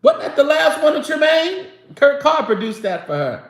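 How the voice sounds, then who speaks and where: Man, high-pitched, slow easy talk, hums and sings lines, roomy echo. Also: huge pitch swings. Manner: chatty, breaks into snatches of singing. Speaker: show host. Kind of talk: casual live-stream chat about gospel music.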